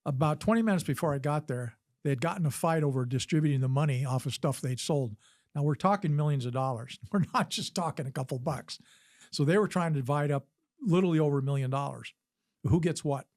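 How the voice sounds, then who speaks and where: A man's voice: fairly high pitch, fast talker, a little mellow, dry recording, studio quality. An older man, a podcast guest and former combat physician, telling a story in an interview with earnest delivery and frequent restarts. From United States.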